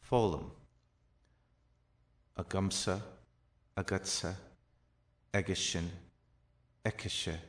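A man teaching a recorded language lesson, reading each example slowly and clearly. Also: low-pitched. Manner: slow, measured, careful enunciation of each example.

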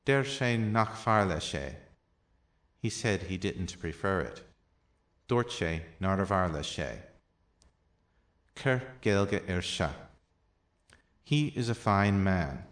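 A man teaching a language lesson, reading short phrases in two languages one after another in a measured way. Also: low voice, lively intonation, fairly bright tone.

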